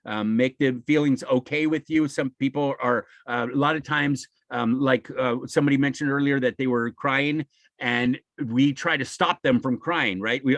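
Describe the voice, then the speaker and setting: A man's voice: mid-range voice, moderate pace, fairly bright tone, no room sound. Chatty man giving a dry webinar talk. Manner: conversational, encouraging, acts out quoted speech. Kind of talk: informal webinar talk on emotional intelligence. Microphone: video call.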